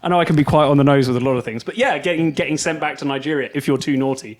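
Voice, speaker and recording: A man co-hosting a podcast in casual chat, joking and making quick asides. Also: on the high side. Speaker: podcast co-host.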